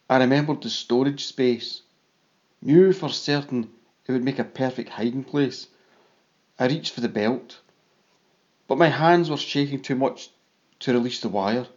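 A man reading a first-person audiobook in a slow, measured way. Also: medium pitch, darkish tone, lo-fi sound. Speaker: audiobook narrator.

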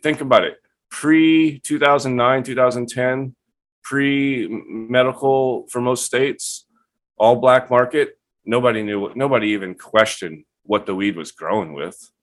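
A man speaks as a guest on a live online show. He tells stories in a casual, profane way and jumps into the voices of people he quotes. His pitch sits in a middle range for a man. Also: normal speed. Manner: profane, animated, acts out quotes. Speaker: guest cannabis breeder. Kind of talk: casual storytelling.

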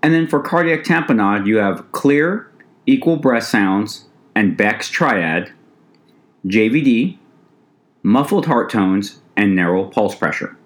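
A man's voice: fairly low pitch, lively intonation, slow pace. A man teaching an EMT class in a recorded lecture, conversational, with the odd stumble and restart. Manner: conversational teaching, addresses "ladies and gentlemen". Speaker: EMT instructor.

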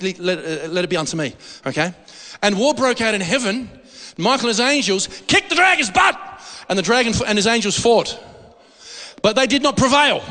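A man preaching a sermon in a church hall, animated and jokey, asking the congregation questions. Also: sits high. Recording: long hall reverb.

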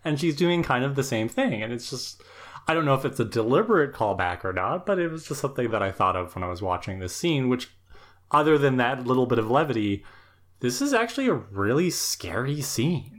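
Man podcast co-host, mid-pitched voice, dry humor, thoughtful, casual chat. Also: big pitch swings, brisk, a bit bright.

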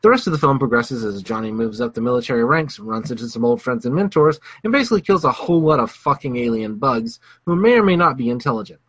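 A man's voice: mid-range voice, lively intonation, fast talker, few pauses, a bit bright, breathy edge, no room sound. A man co-hosting a casual film review podcast, summing up a plot in a wry, sarcastic way. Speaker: podcast co-host.

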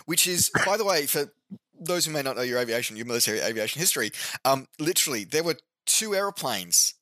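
Bright, dry-sounding male podcast co-host. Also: mid-range voice, quick pace, no echo. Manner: chatty storyteller, repeats words when excited. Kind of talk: casual chat.

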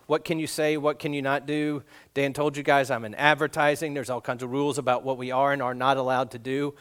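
A middle-aged man preaching a sermon in a relaxed, conversational way, cracking jokes and asking the kids questions. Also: a little high, smooth. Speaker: guest preacher.

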